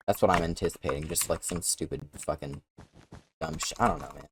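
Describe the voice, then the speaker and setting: Low-voiced man telling a blunt story. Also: expressive, fast, a little hiss or hum. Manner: profane, blunt, sarcastic storytelling. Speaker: storyteller recounting a personal experience. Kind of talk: casual storytelling vlog.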